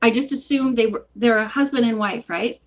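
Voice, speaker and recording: امرأة ثرثارة تقرأ كتاباً بصوت عالٍ. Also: female voice, fairly high pitch, brisk, low-quality recording. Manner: chatty, rambling, self-interrupting. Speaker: reader. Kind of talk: reading a book aloud with casual asides. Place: hot room at home.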